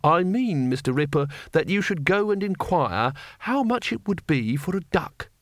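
A man voices a fussy, polite, middle-aged schoolteacher in an audiobook, speaking patiently to unruly pupils. He pitches it fairly high, above his own natural voice, and delivers it very animatedly at normal speed. The studio sound is clean, with no room sound.

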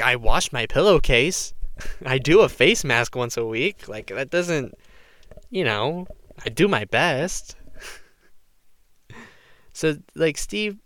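A teenage boy telling a high school story in a casual rant, packed with "like" and sudden mock shouts. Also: smooth, dry recording, clean studio sound. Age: teens. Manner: animated, lots of "like", mimics others with shouts.

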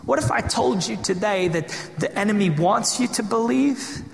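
A man's voice: high-pitched, normal speed, creaky, hardly any pauses, a little hiss or hum. A man pastor delivering an impassioned, emphatic sermon full of rhetorical questions, in a church sanctuary. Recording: echoey hall with long reverb.

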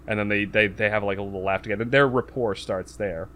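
A man's voice: on the low side, fairly even intonation, quick pace, a bit bright, slight background noise. A man in casual podcast chat, recapping a movie plot with lots of fillers and restarts. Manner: rambling, many fillers and restarts; acts out quotes in raised voice.

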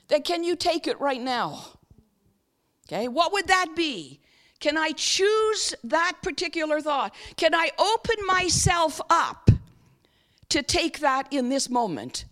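A woman giving a sermon in a high voice that rises and falls with a lot of life. She keeps checking in with her listeners, asking them to answer her, then slows into a soft guided reflection. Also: very animated. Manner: interactive, asks the audience frequent questions; leads a guided reflection, slow and soft at times. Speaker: guest speaker.

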